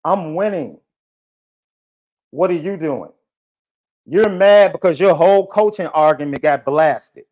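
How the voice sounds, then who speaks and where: Male podcast host, heated and taunting, slightly higher voice, muffled lo-fi stream audio. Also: unhurried, a little mellow. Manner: combative, taunting, repetitive. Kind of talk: heated live podcast rant.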